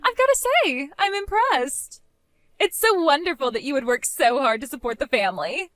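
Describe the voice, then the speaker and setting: A woman's voice: high voice, lively intonation, moderate pace, fairly bright tone, dry recording, faint music behind, pitched above the performer's own voice. A woman voicing a greedy, entitled young sister-in-law with a whiny, sing-song, demanding manner in a voiced story drama. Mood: scheming.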